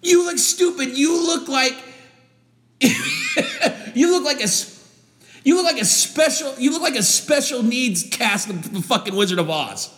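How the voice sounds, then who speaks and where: A man's voice: extremely high pitch, wildly swooping pitch, a little slow, pauses often, a bit bright, big-room sound. A man hosting a podcast alone, ranting with heavy swearing and frequent laughter. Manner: profane, laughing, heated ranting. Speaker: podcast host. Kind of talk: comedic rant podcast.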